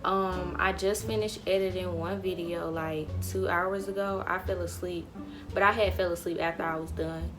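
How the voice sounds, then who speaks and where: A young woman vlogger telling a storytime in a casual, animated way, full of slang and acted-out dialogue. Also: lowish voice, moderate pace, over music.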